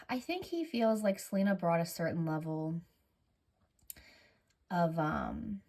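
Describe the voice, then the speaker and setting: A woman's voice: fairly low pitch, very animated, slow pace, a little mellow. A woman running a casual tarot reading, rambling and correcting herself often, audibly breathing heavily. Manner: rambling, filler-heavy, self-correcting. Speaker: tarot reader.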